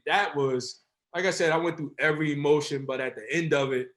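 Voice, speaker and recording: A man in his thirties from New Jersey, a former football player telling a story as a guest in a casual, animated, slang-filled way. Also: fairly high pitch, a little fast. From Essex County, New Jersey. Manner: animated, rambling with slang and self-corrections.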